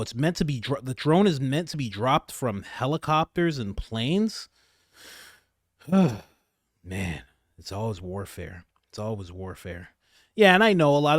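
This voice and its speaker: A man hosting a commentary channel, reacting to a clip in a sarcastic, animated way that swings between mutters and outbursts. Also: medium pitch, no echo, clean studio sound.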